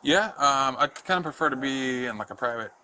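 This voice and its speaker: A man questions a witness as a police officer, easygoing and reassuring. His voice sits in a mid range. Clear hiss and noise run under the bodycam recording. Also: mid-range voice, lively intonation, brisk.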